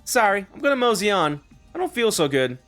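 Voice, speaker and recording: A man voicing a weary teenage girl who mutters flatly and curtly while reading a game aloud. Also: high voice, fairly quick, faint music behind, voice pushed up. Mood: listless. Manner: flat, lifeless mutter.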